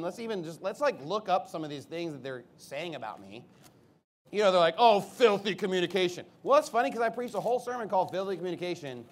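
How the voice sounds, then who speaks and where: A man, a pastor, preaching in a defensive, emphatic way, firing rhetorical questions and rising to loud outbursts. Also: high-pitched.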